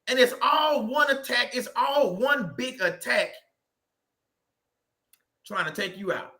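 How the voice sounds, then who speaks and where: A man's voice: very high-pitched, slow, bright, forceful tone, reverberant. A man hosting a faith channel, preaching casually from a desk to a live chat, emphatic and repetitive, reading out viewer comments. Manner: emphatic, repeats phrases, reads out viewer comments. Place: indoor room at a desk.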